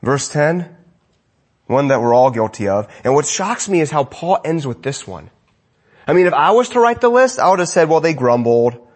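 A man preaching a sermon as pastor, swinging between loud emphatic lines and quiet asides. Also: on the high side, sing-song, moderate pace.

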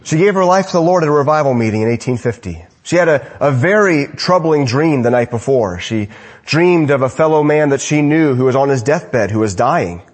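Guy giving an evening sermon, middle-pitched voice, swings up for emphasis then goes quiet and low. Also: animated, fairly quick. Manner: swings from raised emphatic lines to low hushed drops; repeats phrases for emphasis. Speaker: preacher.

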